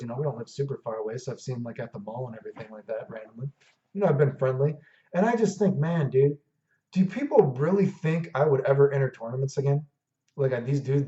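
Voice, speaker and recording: Guy going off on a swearing rant, rambly and heated, low mellow voice, dull lo-fi audio. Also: distant mic. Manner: heated, profane and rambling, with many fillers. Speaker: gaming video host. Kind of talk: unscripted rant to camera. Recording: dull lo-fi recording.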